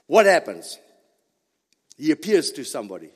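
A man preaching a sermon, emphatic and repetitive, building to near shouts. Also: high voice, big pitch swings, moderate pace. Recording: long hall reverb.

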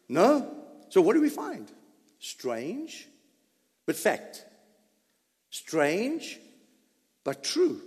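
Animated preacher in echoing hall. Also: male voice. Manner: animated, swings between loud bursts and low asides. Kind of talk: sermon. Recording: reverberant hall.

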